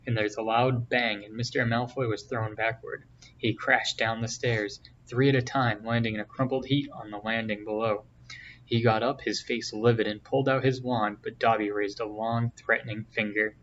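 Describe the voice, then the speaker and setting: A man reading a novel aloud in a steady, plain storytelling voice. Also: fairly low pitch, moderate pace. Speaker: reader. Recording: distant, dull, faint hiss.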